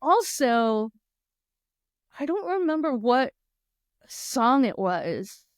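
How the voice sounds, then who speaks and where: A woman's voice: on the high side, big pitch swings, very slow, dry recording, studio quality. A woman co-hosting a podcast, chatting casually with lots of fillers and laughter. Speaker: podcast co-host. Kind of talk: casual chat.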